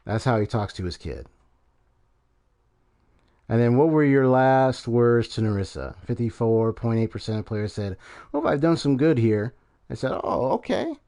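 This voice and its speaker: A man's voice: medium pitch, normal speed, long pauses, dark tone. A man streaming a game and giving casual commentary, rambling with many fillers and restarts.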